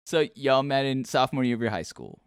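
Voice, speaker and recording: A man hosting a casual interview podcast, asking questions in lively bursts with frequent restarts. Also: medium pitch, fairly quick, clear, resonant tone, no echo, studio quality. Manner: animated, talks in bursts with restarts and laughs. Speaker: podcast host.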